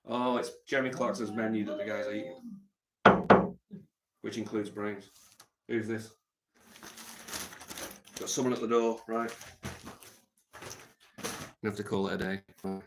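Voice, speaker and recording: A man rambling on his live stream, deadpan and meandering, with lots of ums and trailing thoughts. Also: fairly low pitch, unhurried, pauses often, a little hiss or hum. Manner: meandering and deadpan, heavy with fillers.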